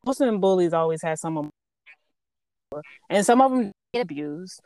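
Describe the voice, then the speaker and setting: A woman's voice: lowish voice, animated, normal speed, a little mellow, no room sound. A woman and mother speaking in a casual chat, blunt and emphatic, swearing freely. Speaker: podcast co-host and mother.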